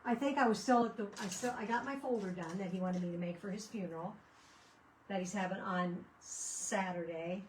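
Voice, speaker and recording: A woman's voice: mid-range voice, moderate pace, a little hiss or hum. Chatty woman talking from a distance. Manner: rambling, chatty, with frequent restarts. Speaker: craft vlogger. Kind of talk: casual chat while crafting. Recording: voice picked up from a distance.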